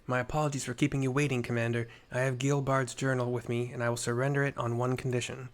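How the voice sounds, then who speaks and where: A man's voice: medium pitch, little pitch movement, fast, close to an everyday voice. A man voicing an earnest young male officer in a game, reading his formal, old-fashioned lines in a raised voice.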